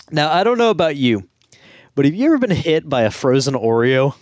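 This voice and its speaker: A man's voice: a little high, very animated, a little fast, dry recording, studio quality. A young man co-hosting a podcast, telling a rambling story in casual chat and laughing through it. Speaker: podcast co-host.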